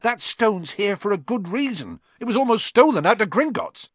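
A man voicing a big, kindly, gruff gamekeeper giant with a bluff, blustering way of talking, in an audiobook reading. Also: high-pitched, sing-song, normal speed, a bit bright, no room sound, voice pushed up, heavily acted. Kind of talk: audiobook character voice.

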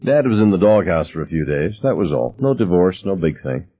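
A man with a low, husky voice narrates an audiobook in the first person. His telling is wry and reflective. The recording sounds dull and lo-fi. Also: lively intonation, a little fast.

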